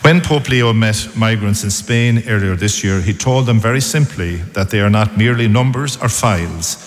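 A man, a priest, giving a measured sermon in short phrases in a church. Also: fairly low pitch. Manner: measured, calm homily delivery in short phrases. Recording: long church reverb.

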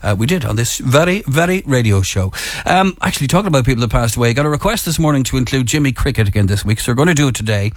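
A man's voice: mid-range voice, lively intonation, rapid-fire, no room sound. A man hosting a breakfast radio show in a rambling, chatty way, thinking aloud as he goes. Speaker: radio host. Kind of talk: casual breakfast radio chat.

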